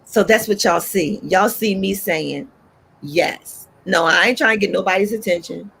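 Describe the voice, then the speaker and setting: A woman hosting a talk show, preaching in an animated way and swooping up high when she exhorts. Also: normal speed, gravelly, slight background noise.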